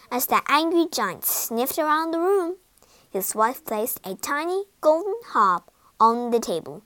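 A woman reads a children's fairy tale aloud, slow and expressive. Her voice is high and bright, and her pitch moves a lot. The recording is close and dry. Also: dry recording. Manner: slow, expressive storybook narration. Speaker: storyteller. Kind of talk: children's story reading.

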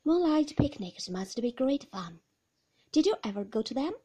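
A woman's voice: high-pitched, big pitch swings, moderate pace, warm tone, husky, exaggerated voice. A woman reading the part of a shy young woman who asks eager, nervously curious questions in a storybook reading.

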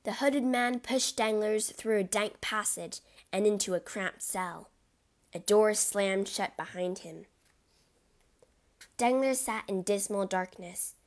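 A woman's voice: medium pitch, slow. A woman reading a classic adventure story aloud as narrator, with a dramatic delivery.

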